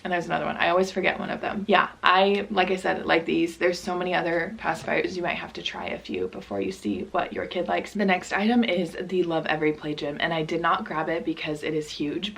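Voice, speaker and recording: Hoarse young mom chatting to camera. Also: female voice. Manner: chatty, apologetic, lowers voice to stay quiet. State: hoarse and dry-throated, coughing. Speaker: parenting vlogger. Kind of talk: casual vlog talk to camera. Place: at home indoors.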